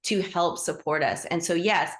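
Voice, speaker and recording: A woman hosting a live online group class as a teacher, talking with enthusiasm and big swings in pitch. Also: normal speed. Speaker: animal Reiki teacher and host. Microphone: video call.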